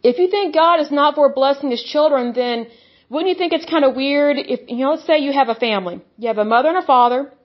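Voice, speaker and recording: Through muffled audio, a woman with a high voice preaches briskly and with fervor. Blunt and scornful, she derides the beliefs she rejects, putting on voices to mock those who hold them.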